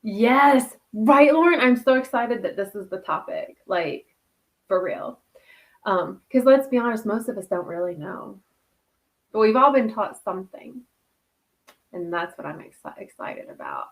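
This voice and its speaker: A woman hosting a casual livestream who greets viewers by name, laughs often and leads a soft guided breathing meditation. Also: medium pitch, expressive, unhurried. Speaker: host.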